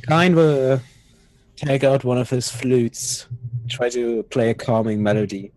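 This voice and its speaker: A man's voice: mid-range voice, steady tone, a little slow, a little mellow, low-quality recording. A man playing a tabletop game, hesitant and thinking aloud about his moves. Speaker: player.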